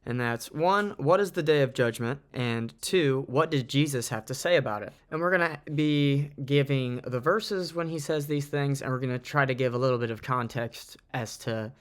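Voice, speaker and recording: Guy reading off his notes about scripture, earnest and thoughtful, steady mid voice. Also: medium pitch, normal speed, few pauses. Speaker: Bible teacher. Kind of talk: informal Bible study talk.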